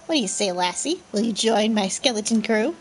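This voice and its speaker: A woman voicing a gruff, bossy male skeleton pirate captain who talks in salty pirate slang. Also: medium pitch, animated, fairly quick, soft background music, natural voice, rough recording.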